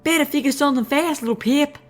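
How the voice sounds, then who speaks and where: Squeaky, drawling male pony. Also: fast talker, a bit bright. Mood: urgent. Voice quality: high, squeaky, twangy. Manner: gruff, grumbling, folksy drawl. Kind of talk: audiobook character voice.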